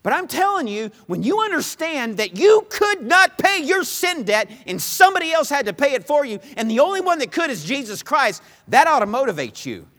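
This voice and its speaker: A man preaching a sermon, emphatic and repetitive, swinging between loud pleas and hushed lines. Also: extremely high pitch, big pitch swings, moderate pace, hardly any pauses, in a large hall.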